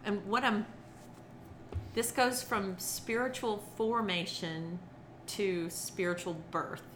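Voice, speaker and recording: With a medium-pitched voice and a slow pace, a middle-aged woman who writes and entertains for children tells stories in lively conversation. She performs the quotes and laughs often, and there's slight background noise.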